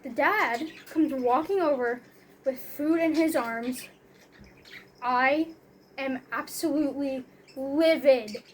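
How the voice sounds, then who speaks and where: A woman's voice: high-pitched, takes it slowly, long pauses, slight background noise. A young woman telling a story in a casual, rambling way, filling her talk with "like" and "you know".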